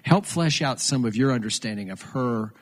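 A man's voice: mid-range voice, animated, moderate pace. A man hosting a radio interview, engaged and conversational as he sets up questions for his guests. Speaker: radio show host.

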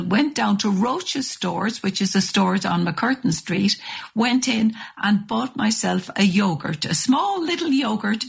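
An older Irish woman, a radio interview guest, telling stories in a lively anecdotal way. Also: vocal fry, breathy edge. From Ireland. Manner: lively anecdotal telling, rising high when excited.

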